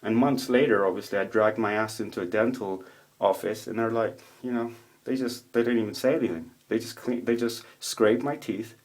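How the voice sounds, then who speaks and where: A man talks straight to his camera at home in a loose, rambling monologue. His voice sits a little low. He swears freely and gets animated as he tells his stories. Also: moderate pace. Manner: profane, rambling, animated storytelling. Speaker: vlogger. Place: home room with a roommate nearby.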